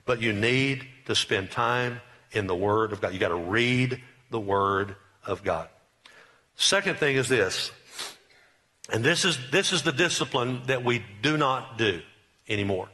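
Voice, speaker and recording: Bright-voiced emphatic preacher. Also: male voice, fairly low pitch. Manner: emphatic, repetitive preaching with rising bursts. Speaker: pastor. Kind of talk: sermon.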